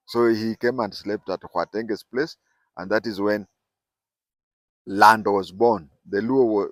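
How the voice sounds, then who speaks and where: An older Kenyan man recounting his family history in an unhurried, digressive way. His voice sits fairly low, and he circles back, repeats phrases and fixes words as he goes. The sound is close and dry, with no room echo. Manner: digressive, repeats and corrects himself mid-sentence. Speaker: family storyteller. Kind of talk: casual oral storytelling.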